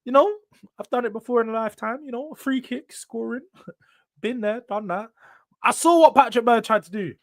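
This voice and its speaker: A young man commentating casually on a live match, his voice pitched high and lively. He swings between excited outbursts and tired, low mumbles, and the sound is close and dry with no room around it. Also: moderate pace, no room sound. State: tired, yawning. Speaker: host of a football watchalong.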